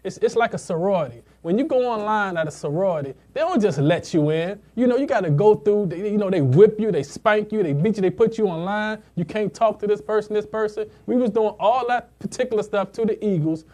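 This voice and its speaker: A man's voice: sits high, expressive, brisk, few pauses, a little mellow. Laid-back slangy radio host man. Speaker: internet radio show host. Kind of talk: casual talk show chat.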